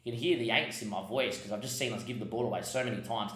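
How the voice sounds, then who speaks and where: A man's voice: fairly low pitch, fast, hardly any pauses, a bit bright, echoey room. Frustrated man commenting on football game. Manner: swings between muttered asides and sudden frustrated outbursts. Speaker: gaming podcast host.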